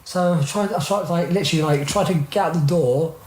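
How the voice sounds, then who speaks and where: A man, a podcast guest telling his story in a lively, casual way, full of "like" fillers. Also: fairly high pitch, brisk. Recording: roomy recording with faint noise.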